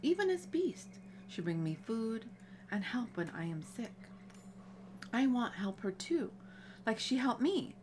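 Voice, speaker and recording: A woman reading as a gentle once-beast boy in a game. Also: fairly high pitch, big pitch swings, slight background noise, pitched above the performer's own voice. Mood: tender. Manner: halting broken English, soft and earnest. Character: gentle young male creature, once a beast.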